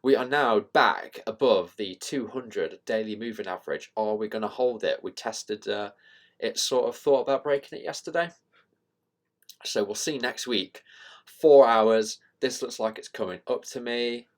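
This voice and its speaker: A man casually thinking out loud about currency charts as a channel host, rambling and self-deprecating with many fillers. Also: mid-range voice, a little slow. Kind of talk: casual screen-share market commentary.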